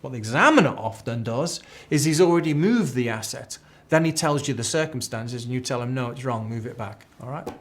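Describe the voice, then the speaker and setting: A man's voice: medium pitch, expressive, brisk, few pauses. A man teaching an accounting exam class, chatty and repeating key phrases as a drill. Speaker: accounting tutor. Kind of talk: live exam tuition lecture.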